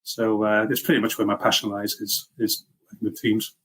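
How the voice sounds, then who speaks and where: Speaking at normal speed in a slightly rough, fairly bright voice on the low side, the delivery is flat. He's a middle-aged man from Liverpool, a software engineering leader guesting on a casual interview, whose Liverpool-Welsh accent comes with self-deprecation, fillers and restarts.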